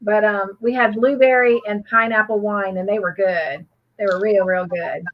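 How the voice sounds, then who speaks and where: A woman's voice: mid-range voice, steady tone, moderate pace, muffled recording. A woman, co-hosting a casual crochet livestream, rambling earnestly with many fillers and restarts. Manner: earnest and grateful.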